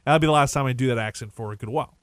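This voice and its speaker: A man hosting a sports radio show, rambling through his opinions in a casual, animated way. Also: medium pitch, very fast, no room sound. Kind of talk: sports talk radio monologue. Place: radio studio.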